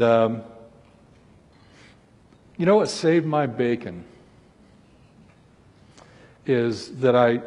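Husky-voiced preacher in a reverberant hall. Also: male voice, medium pitch, a little mellow. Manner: earnest, voices scripture laments with rising intensity. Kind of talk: sermon.

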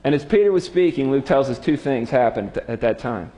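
A man preaching with a storyteller's flair, his mid-pitched voice sinking to near hush for solemn moments. The long reverb of a large hall trails after every phrase. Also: animated, brisk. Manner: storytelling, dramatic drops to quiet. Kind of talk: sermon.

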